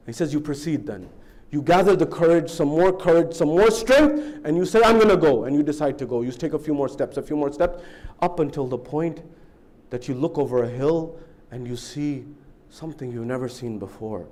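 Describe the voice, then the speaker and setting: Man preaching with sweeping dramatic rises. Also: moderate pace. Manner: storytelling with sweeping rises and drops in pitch and volume; acts out dialogue in an excited raised voice. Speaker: speaker at a religious gathering. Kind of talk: sermon.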